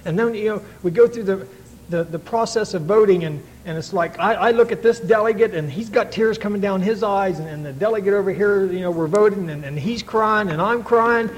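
On a rough recording, a middle-aged man with a high voice tells his own story to a recovery meeting at a fairly quick pace. He comes across earnest and folksy, often starting sentences over.

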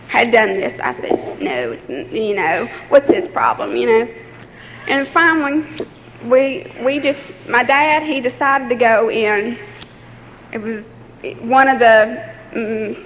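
A young woman tells a painful personal story in a fairly high voice, stopping and restarting often with fillers and nervous laughs. The recording has a long, echoey room sound. A faint hiss sits behind her voice. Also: fairly bright tone.

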